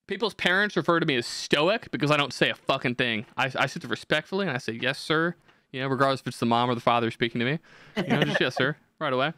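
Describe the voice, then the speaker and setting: A man's voice: mid-range voice, sharp tone, no echo, studio quality. A young man hosting a podcast, telling crude, profane comic stories in a brash, rambling way. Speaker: podcast host. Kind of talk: crude comedic rant.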